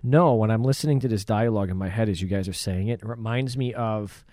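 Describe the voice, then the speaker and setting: A man's voice: on the low side, fast, warm tone, no room sound. A man co-hosting a podcast in casual chat, rambling with hesitations. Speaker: podcast co-host.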